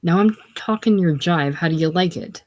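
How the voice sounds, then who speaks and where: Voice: mid-range voice, moderate pace, a little mellow, close to an everyday voice. Reader doing a hurt, proud young lady. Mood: bitter. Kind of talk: casual play reading.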